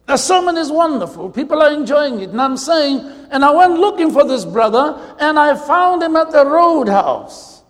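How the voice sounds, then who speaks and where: High-voiced South African pastor in echoing hall. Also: male voice, sing-song, fairly bright tone. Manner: humorous storytelling with drawn-out emphasis. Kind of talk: preaching a sermon. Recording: long hall reverb.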